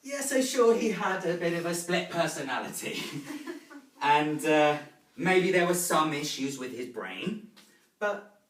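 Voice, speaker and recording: A man's voice: fairly high pitch, animated, unhurried, a bit bright. Wry male storyteller in an echoey room. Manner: wry, mock-romantic storytelling. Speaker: solo performer. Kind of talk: comic storytelling narration. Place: living room of a home. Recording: roomy sound from a distant mic.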